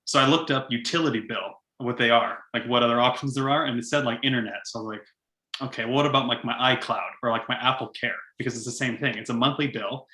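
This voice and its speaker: A young man from Canada co-hosting a casual podcast, spinning an animated story laced with "like" and quick laughs. His voice has a bright, forceful edge, and the sound bounces around a roomy space. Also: medium pitch. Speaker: podcast co-host. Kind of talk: casual chat.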